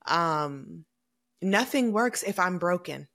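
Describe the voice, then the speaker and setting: A woman's voice: fairly low pitch, lively intonation, takes it slowly, vocal fry, fairly bright tone. Woman, 30s, podcast co-host; earnest, reflective, emotional delivery in casual chat.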